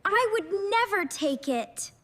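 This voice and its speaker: Brief: earnest accused schoolgirl, a woman plays her, slow and pleading, storybook. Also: extremely high pitch, very animated, a bit bright, full character voice. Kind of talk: slow storybook dialogue for learners.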